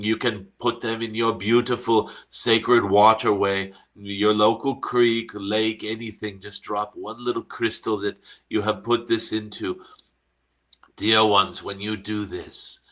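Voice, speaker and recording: A man channeling a gentle, wise cosmic dragon spirit in a slow guided meditation, humming "mm" between phrases. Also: lowish voice, flat delivery. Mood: serene.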